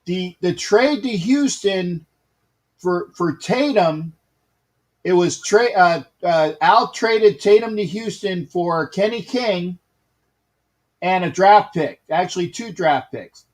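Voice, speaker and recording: Rambling high-voiced sports podcast man. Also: lively intonation, slow. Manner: rambling, with many restarts and fillers. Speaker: podcast co-host. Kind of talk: casual sports talk.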